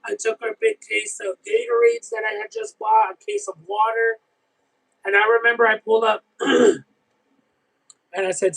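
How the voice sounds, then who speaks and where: A man's voice: extremely high pitch, expressive, normal speed, gravelly, fairly bright tone, husky, poor audio. A young man vlogger telling a candid, emotional story in a casual way, swearing freely. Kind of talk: casual storytelling on a food stream.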